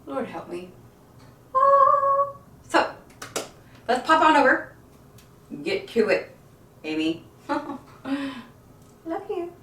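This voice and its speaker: A woman's voice: high voice, wildly swooping pitch, extremely slow, pauses often, sharp tone, a little hiss or hum. A woman chatting casually to camera as a home baking vlogger, rambling and giggling often, folksy and self-deprecating with the odd mild curse, in a home kitchen.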